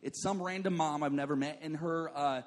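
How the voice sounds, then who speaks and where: A man's voice: a little high, normal speed, in a large hall. A young adult man preaching a sermon, telling a funny story and putting on the voices of people in it. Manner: animated, jokey, acts out voices of people in his stories.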